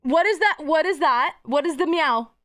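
A woman's voice: high voice, animated, normal speed, fairly bright tone. A woman streamer chatting casually with her live audience, bubbly and giggly and swearing freely.

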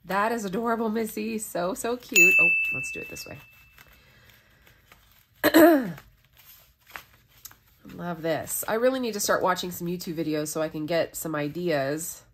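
A woman's voice: lowish voice, measured pace, long pauses, noisy background. A woman talking casually in a crafting vlog, chatty and gushing with lots of fillers, working at a craft table at home. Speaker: crafting vlogger.

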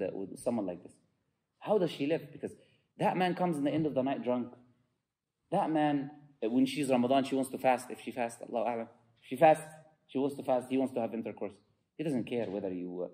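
A man's voice: medium pitch, dark tone. A man giving an impassioned mosque lecture as a preacher, fervent and peppered with Arabic phrases.

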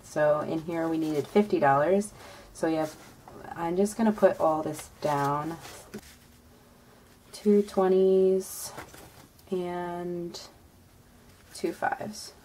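A budgeting vlogger with a fairly low voice films a casual cash-stuffing video at home, murmuring the numbers slowly as she counts bills and pausing often, with occasional high, excited squeals. The low-quality recording clearly picks up street noise and passing bikes behind her.

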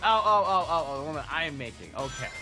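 A young man chatting while playing a video game, telling a rambling, animated story on a tangent. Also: fairly high pitch, fast talker. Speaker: gamer playing a speedrun race. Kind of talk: casual gaming chat. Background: game music.

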